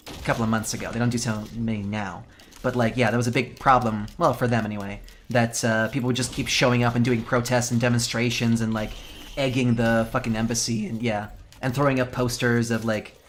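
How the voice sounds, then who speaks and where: A man's voice: mid-range voice, a little hiss or hum. A man streaming a game live, ranting with lots of swearing and chatting with his viewers. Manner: profane, animated ranting; chatty, reads and answers chat. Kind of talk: casual live-stream chat.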